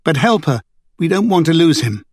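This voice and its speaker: A man's voice: on the high side, big pitch swings, moderate pace, slightly rough, no room sound, studio quality, voice pushed up. A man voicing an urgent, resolute young woman in an audiobook. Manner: urgent, insistent.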